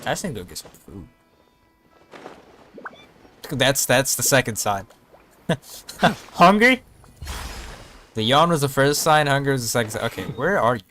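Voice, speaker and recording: A man's voice: medium pitch, expressive, normal speed, long pauses, a bit bright, soft background music. A man giving casual, joking gameplay commentary, often talking to himself as he plays. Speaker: streamer.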